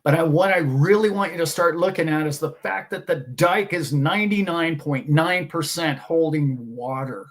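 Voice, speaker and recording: A man with a slightly high voice holds forth on his own show. He talks in an emphatic, preachy way, scoffing at doubters between his points. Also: moderate pace, few pauses. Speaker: host. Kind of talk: casual monologue.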